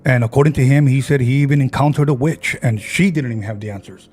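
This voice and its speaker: A man's voice: medium pitch, fast, a little mellow. A man on a podcast, casually retelling a friend's ghost story and acting out the people in it.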